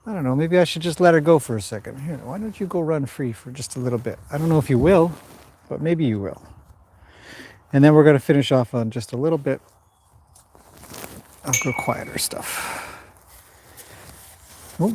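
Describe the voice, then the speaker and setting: A fast-talking man with a slightly high voice trains a horse in an indoor arena while giving calm livestream commentary, addressing the horse and his viewers by turns. A bit of background noise is present.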